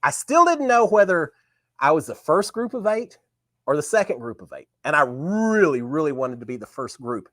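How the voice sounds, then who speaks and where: A man's voice: fairly high pitch, moderate pace, dry recording. A man hosting a live talk show, telling a story casually and acting out remembered dialogue. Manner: animated, acts out remembered dialogue.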